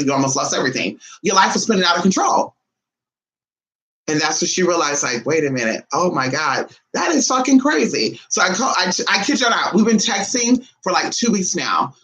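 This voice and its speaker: Animated woman telling a blunt story. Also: rough recording. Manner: animated, blunt and profane, acts out others' lines with big pitch jumps. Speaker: spiritualist vlogger. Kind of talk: casual storytime monologue.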